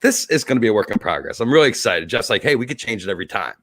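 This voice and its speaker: This man talks very fast in a lowish, expressive, somewhat bright voice, with no echo. He's wrapping up his casual livestream show at home, emotional and teary, rambling with lots of fillers and false starts.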